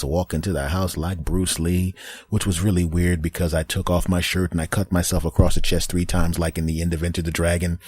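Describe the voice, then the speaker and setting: A man's voice: rumbling low, a little mellow, breathy edge. A man hosting a comedy podcast, telling a self-mocking story animatedly with scat sound effects. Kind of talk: comic storytelling monologue.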